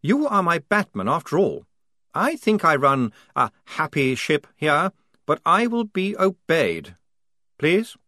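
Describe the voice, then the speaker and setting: A man's voice: a little high, huge pitch swings, slow pace, bright, forceful tone, dry recording, clean studio sound, pitched above the performer's own voice, full character voice. A man voicing a fussy, anxious young army officer who speaks in a prim, formal and polite way.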